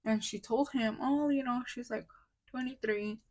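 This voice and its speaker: Young woman in her twenties, vlogger, venting storytime, fairly high voice, lots of likes and restarts. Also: fairly even intonation, moderate pace. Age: 20s. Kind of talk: casual storytime vlog.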